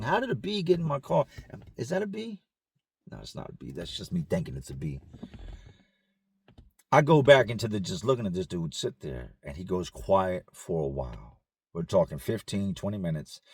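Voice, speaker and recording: A man telling a personal story in a casual, animated vlog style, recorded in his car. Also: low-pitched, slightly rough. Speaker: vlogger.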